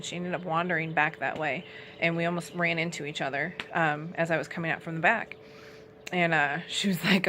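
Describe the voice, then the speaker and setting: Brief: low-pitched young woman, earnest conversational faith testimony. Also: sharp tone, a little hiss or hum. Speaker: outreach ministry founder.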